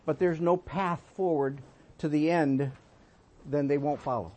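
A sixty-something man delivers a sermon with a naturally high voice. He tells folksy stories and moves between emphatic exhortation and quiet, gentle asides. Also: moderate pace. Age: 60s. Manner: folksy storytelling, swinging between emphatic and soft. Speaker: pastor.

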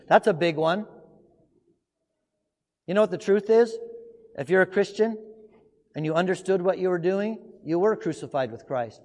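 A man preaching a sermon, asking emphatic rhetorical questions and swinging between loud outbursts and hushed passages. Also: sits high, moderate pace, pauses often. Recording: long hall reverb.

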